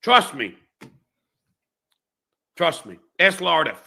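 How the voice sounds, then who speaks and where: High, bright-voiced man taunting and threatening. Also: big pitch swings, slow pace, vocal fry. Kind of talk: recorded video rant.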